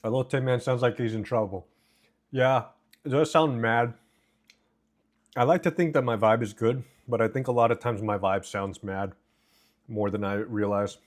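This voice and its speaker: A man's voice: mid-range voice, normal speed, pauses often. A man live-streaming from home, chatting casually and reading chat aloud while eating, on a desk mic. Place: home, indoors. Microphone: desk mic with noise cancellation.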